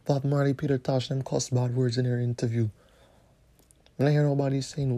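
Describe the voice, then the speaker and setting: A male podcast host rants on his own, swearing constantly and repeating his points in street slang. His voice is mellow and mid-pitched, and he pushes hard at his listeners. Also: level tone, moderate pace. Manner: profane, slang-heavy, repetitive, confrontational. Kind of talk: solo podcast rant.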